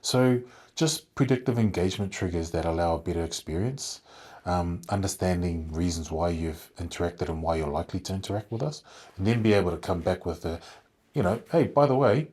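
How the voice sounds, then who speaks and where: A man with a low, husky voice, talking as a guest on a podcast interview. He thinks aloud, circling back through fillers and restarts as he explains his work leading a contact centre. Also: a little fast, darkish tone. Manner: thoughtful, rambling with many fillers and restarts.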